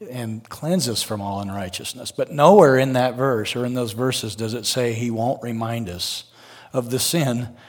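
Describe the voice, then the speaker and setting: Older male guest preacher, mid pitch, earnest sermon delivery with homely asides. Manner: earnest, folksy asides, rises for emphasis.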